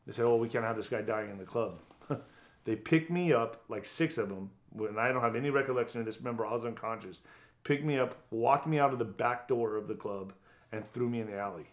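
This middle-aged former boxer speaks at medium pitch and a little quickly. Recounting his life for an interviewer, he swears freely, keeps it blunt, and voices other people's lines as he goes.

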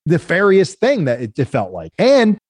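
A man, a guest entrepreneur telling animated stories in a casual interview, acting out the voices of the people he quotes. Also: fairly high pitch, normal speed, slightly rough, no room sound, studio quality. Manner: animated storyteller, acts out quoted voices, frequent "right?".

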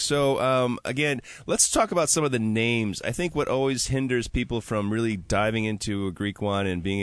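Low-voiced curious radio host man. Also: dry recording. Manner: curious, hesitant questions with fillers. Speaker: radio talk show host. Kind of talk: radio interview.

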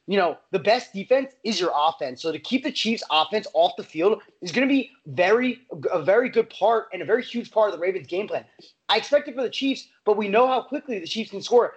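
A man with a high voice talks through his picks on a sports betting show. He is emphatic and animated, stacking up repeated phrases as he makes his case, in a casual back-and-forth with his co-host. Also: muffled recording.

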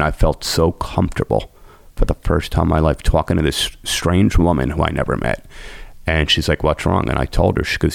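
A man's voice: rumbling low, creaky, no room sound. A man, a podcast guest, telling his recovery story in an emotional, intense way.

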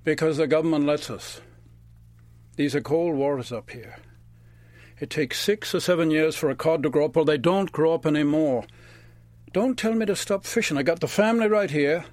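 A man voicing a gruff older male fisherman, blunt and earnest, who keeps calling the listener "boy". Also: on the high side, normal speed, a little mellow, no room sound, lightly acted. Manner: blunt, calls people "boy".

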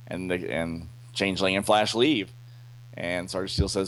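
Low-voiced man recapping a comic aloud. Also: steady tone, a little slow. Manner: hesitant, many fillers, self-deprecating. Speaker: podcast co-host reading a comic aloud. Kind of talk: casual chat, reading comic dialogue aloud.

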